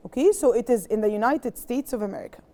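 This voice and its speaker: A woman's voice: a little high, expressive, fast, warm tone. A young woman with an Egyptian accent teaching an English lesson to young pupils, switching between English and Arabic, repeating key words and checking with "okay?".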